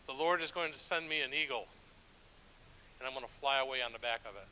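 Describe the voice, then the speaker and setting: A man's voice: mid-range voice, fast talker, bright, forceful tone, clean tone, low-quality recording. A man preaching, voicing a stubborn older woman in a flood who insists she will be rescued by a miracle. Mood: insistent.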